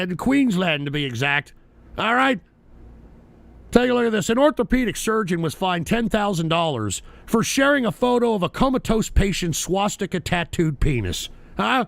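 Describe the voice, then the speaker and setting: A man's voice: high-pitched, animated, moderate pace, gravelly, a bit bright, no room sound. A man hosting a live-streamed talk show, reading out odd news stories with brash, profane, mocking commentary. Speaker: political talk show host.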